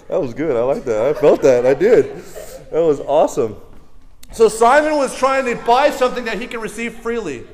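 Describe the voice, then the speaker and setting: A young male preacher with a high voice delivers an energetic, playful sermon in a church. He jokes with the congregation and leads them in call-and-response. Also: moderate pace. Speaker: youth pastor.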